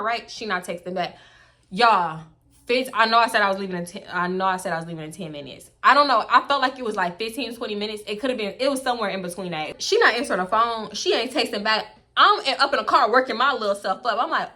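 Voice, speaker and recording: A young woman, telling a storytime vlog in a sassy, animated way and acting out the people in it. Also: mid-range voice, fast talker. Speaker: storyteller, channel host.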